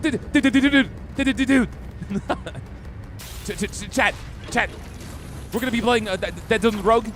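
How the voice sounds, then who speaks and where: A man doing an impression of a hyper young streamer, stammering and repeating words rapid-fire. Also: very high voice, a bit bright, soft background music, pitched above the performer's own voice. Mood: frantic.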